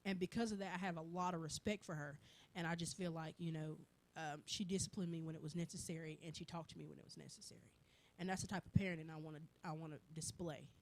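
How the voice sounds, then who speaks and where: A woman's voice: low voice, fairly even intonation, fast talker, hardly any pauses, a little mellow. A woman co-hosting a casual chat, talking bluntly about parenting and kids. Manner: blunt, outspoken.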